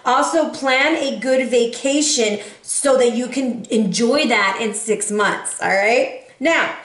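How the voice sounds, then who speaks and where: A woman giving a casual tarot reading, sassy and animated, talking straight to her viewers. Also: fairly high pitch, slow pace, reverberant. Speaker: tarot reader.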